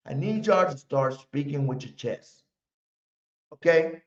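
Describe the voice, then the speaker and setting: A man's voice: on the high side, animated, unhurried. Fan-stream host, male, brash trash talk, roomy muffled audio. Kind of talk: live pregame fan stream.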